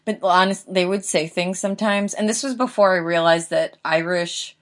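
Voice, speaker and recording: A woman podcast co-host with a somewhat low voice, talking in a rambling, upbeat way. She swears casually and loses the thread of sentences. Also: moderate pace, a bit bright. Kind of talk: casual chat.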